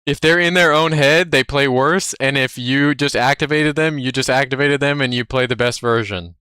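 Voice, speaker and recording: A man's voice: medium pitch, moderate pace, sharp tone, clear, resonant tone, no room sound, studio quality. A man streaming live, chatting casually in a brash, profane, cocky way. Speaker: livestreamer.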